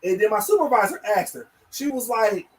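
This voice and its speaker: Animated man telling stories, distant mic. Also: high voice, brisk. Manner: animated, laughs often, acts out quotes. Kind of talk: casual storytelling chat.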